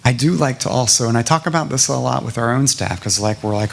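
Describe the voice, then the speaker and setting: A man's voice: mid-range voice, animated, fast talker, gravelly, a little hiss or hum. A middle-aged man from South Carolina answering a question at a public lecture, earnest and building to emphatic lists. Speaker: guest speaker at a public lecture.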